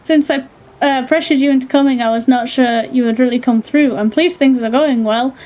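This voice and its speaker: Woman reading a friendly male fish prince from a game, high voice, plain delivery. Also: moderate pace, a little mellow, natural voice. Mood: earnest. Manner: plain read-aloud of game dialogue.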